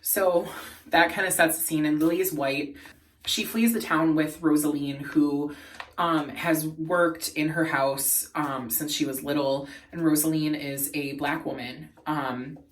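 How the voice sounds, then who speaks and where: A man vlogging in a casual, earnest and emotional way, laughing softly as he talks. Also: a little high, steady tone, unhurried, far from the mic. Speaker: beauty and lifestyle vlogger. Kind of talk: casual chat.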